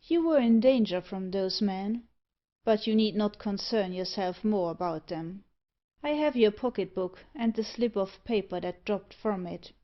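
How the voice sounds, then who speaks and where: A cold, commanding demonic stranger in a black cloak, voiced by a woman narrating a storybook. He speaks with peremptory scorn at a medium pitch, and the recording sounds a little muffled. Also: unhurried, natural voice.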